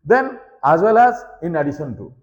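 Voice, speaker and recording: A man's voice: on the high side, very animated, normal speed, muffled recording. A man teaching a grammar lesson, repeating key points and often checking if students follow. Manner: repetitive, checks understanding with "okay?". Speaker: English teacher.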